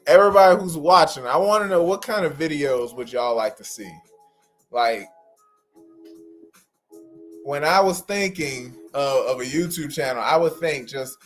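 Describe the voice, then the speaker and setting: A man hosting a livestream for sign language interpreters, talking casually and informally to viewers, often repeating phrases for emphasis. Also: a little high. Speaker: host of an interpreting practice livestream.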